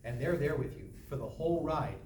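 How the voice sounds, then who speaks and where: A man's voice: fairly high pitch, a little fast, darkish tone. A man presenting a speaking-skills training talk to a small group, conversational and joking but earnest. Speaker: workshop presenter. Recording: echoey room, from far off, background noise.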